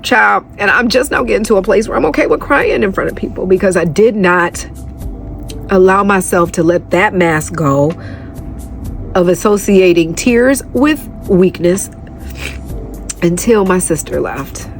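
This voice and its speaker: A woman's voice: mid-range voice, a little slow, soft background music. A young adult woman hosting a podcast, talking from the heart in a casual, conversational way. She is emotional and close to tears. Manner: heartfelt, conversational, addresses listeners as y'all. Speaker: podcast host. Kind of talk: emotional personal podcast talk, then guided meditation.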